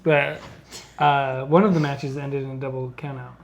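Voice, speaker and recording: A man's voice: mid-range voice, level tone, normal speed, gravelly. Chill guy on a wrestling podcast, kinda lo-fi muffled audio w faint hiss. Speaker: podcast co-host. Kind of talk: casual wrestling chat. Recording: dull lo-fi sound with faint noise.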